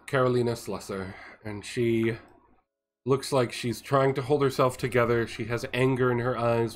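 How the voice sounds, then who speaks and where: Low-voiced man running a tabletop game. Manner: relaxed, descriptive narration with fillers. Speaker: game master.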